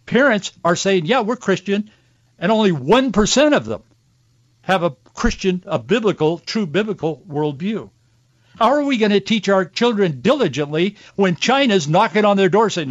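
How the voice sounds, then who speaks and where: A man's voice: sits high, lively intonation, normal speed, no room sound. A male radio talk host giving impassioned Christian commentary, earnest and preachy, with an emotional pull. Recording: dull, dry studio sound.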